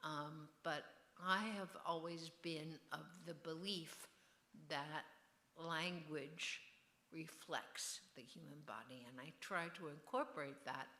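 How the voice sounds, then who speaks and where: An older woman speaks slowly in a low voice with a bright, forward edge, musing and wandering wryly through her thoughts. It sounds like an author answering questions at a festival venue, and the room adds a noticeable echo. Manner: musing, digressive and wry. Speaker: novelist being interviewed. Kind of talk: on-stage author conversation. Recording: roomy echo.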